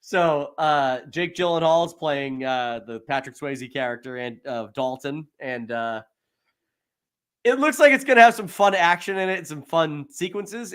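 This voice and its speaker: A man hosting a casual movie podcast, chatting loosely, laughing often and acting out scenes. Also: medium pitch. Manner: animated, acts out movie scenes in put-on voices, laughs often. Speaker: podcast host. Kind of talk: casual chat.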